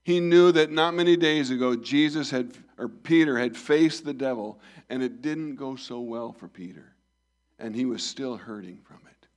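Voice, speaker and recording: A man preaching a sermon, reading scripture and voicing the dialogue, rising loud then dropping soft. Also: mid-range voice, moderate pace. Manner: reads scripture and acts out the dialogue, swells and drops in volume.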